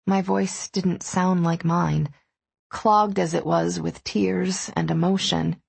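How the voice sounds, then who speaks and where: Woman narrator, gravelly texture, husky voice, steady intimate storytelling. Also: on the low side, measured pace, no room sound. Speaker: audiobook narrator. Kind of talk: first-person romance audiobook narration.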